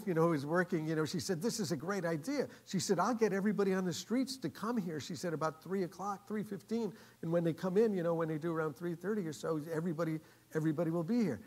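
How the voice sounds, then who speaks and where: Guy preaching, kinda high husky voice, swings from loud to real quiet telling a story. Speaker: pastor. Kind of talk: sermon storytelling.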